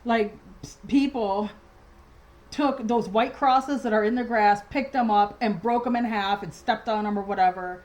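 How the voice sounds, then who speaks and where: A woman's voice: fairly high pitch, steady tone, a little slow, a little mellow, low-quality recording. Agitated woman ranting at home. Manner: agitated, rambling with many restarts and fillers. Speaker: vlogger. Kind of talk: casual ranting vlog. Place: home dining room.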